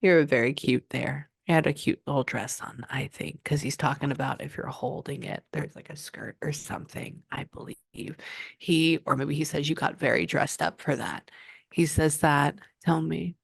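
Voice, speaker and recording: A woman working as a psychic medium, giving a client a reading and passing on messages in an animated, chatty way. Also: low-pitched, moderate pace, creaky, slightly rough, no echo, clean studio sound. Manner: animated, relays messages in quotes, frequent "hold on".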